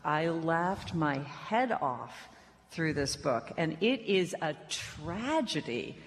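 A woman's voice: deep voice, very animated, takes it slowly. A woman talking with an author on stage, speaking with enthusiasm and admiration. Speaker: interviewer on a talk stage. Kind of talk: conversation at a public talk. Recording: reverberant hall with faint noise.

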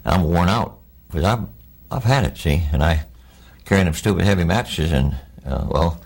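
An older man, a war veteran, recounting his memories in a plainspoken, halting oral-history interview. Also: deep voice, vocal fry, a little mellow.

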